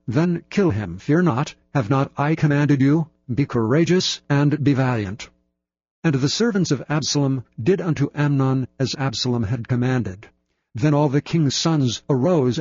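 Male scripture reader: steady, solemn delivery, mid pitch, dry close sound. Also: no room sound, highs cut off. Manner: measured, solemn reading of archaic text. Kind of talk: scripted Bible reading.

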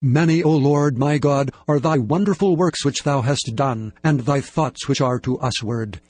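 A man reading scripture aloud in a measured, reverent way. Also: mid-range voice, darkish tone. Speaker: scripture reader.

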